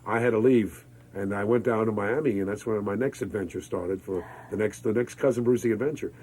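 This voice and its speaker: A man, telling lively stories as a guest in an interview. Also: lowish voice, brisk, slight background noise, poor audio. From Brooklyn, New York. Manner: energetic, exuberant storyteller. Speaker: radio disc jockey, guest. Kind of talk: interview conversation.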